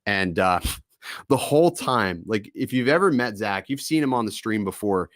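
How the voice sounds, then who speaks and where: A man hosting a casual live-stream chat, telling stories in a loose, profane, animated way. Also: fairly low pitch, moderate pace, no room sound, studio quality. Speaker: podcast host.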